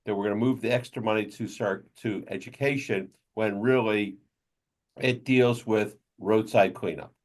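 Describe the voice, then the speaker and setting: A man's voice: fairly low pitch, normal speed. A man legislator speaking bluntly and a bit sarcastically in a committee discussion.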